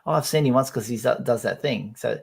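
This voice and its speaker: A man's voice: medium pitch, fast talker, vocal fry, husky. A man hosting a casual panel chat over a video call, joking and thinking aloud. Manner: jokey, thinks aloud while browsing. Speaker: host.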